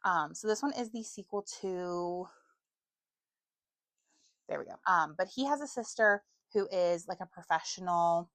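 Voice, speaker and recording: A woman's voice: fairly low pitch, measured pace, pauses often, a bit bright, dry recording. Chatty young woman with a dry voice. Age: 20s. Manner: chatty, self-mocking, stumbles over words. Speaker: book vlogger. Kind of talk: casual chat to camera.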